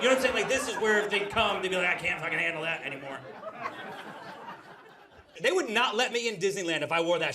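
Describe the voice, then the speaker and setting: A middle-aged man performing stand-up comedy in a brewery, telling stories and acting out the characters in them. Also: sits high. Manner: animated storytelling, acting out characters in quoted voices. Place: brewery venue before a live audience.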